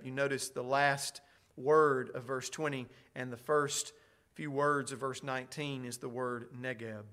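A middle-aged male preacher delivering a sermon at an unhurried, deliberate pace. His voice sits a little high for a man, and he leans hard on key words, climbing to loud, ringing declarations before dropping back. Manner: slow, emphatic preaching that rises to loud declarations.

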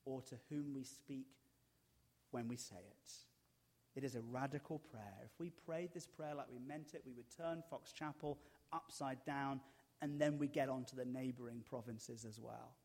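A middle-aged man delivers a sermon in a voice pitched a little above most men's. He tells his stories with dry, self-mocking humor. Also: a little slow, darkish tone. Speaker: pastor.

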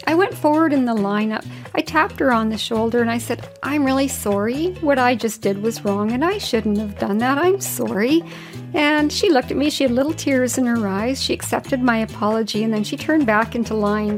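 A woman's voice: fairly high pitch, normal speed, faint music behind. A woman hosting a podcast, telling stories from her childhood in an earnest, folksy way. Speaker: podcast host. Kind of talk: personal reflective podcast talk.

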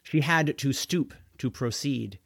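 Slow, gravelly male storybook narrator. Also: mid-range voice, a bit bright, no room sound, studio quality. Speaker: audiobook narrator. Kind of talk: storybook reading.

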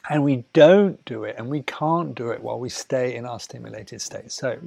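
A man teaching a relaxation lesson, talking slowly and soothingly, sometimes dropping to soft murmurs between louder asides. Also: mid-range voice, creaky, no echo. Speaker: wellness teacher. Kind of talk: guided talk on breathing and relaxation.

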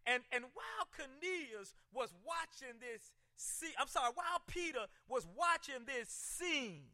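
High bright voice on a preacher guy, slow and dry, shouts the big lines. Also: sing-song, no echo. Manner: preaching with shouted emphasis and repeated words. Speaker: pastor. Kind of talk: sermon.

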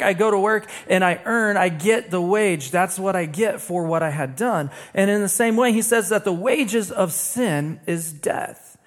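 A young man delivers a sermon from the pulpit with a fairly high voice. He talks to the congregation in a relaxed, conversational way, then slows down and drops his voice for weighty lines. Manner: conversational preacher, dramatic pauses, acts out quoted dialogue. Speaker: pastor.

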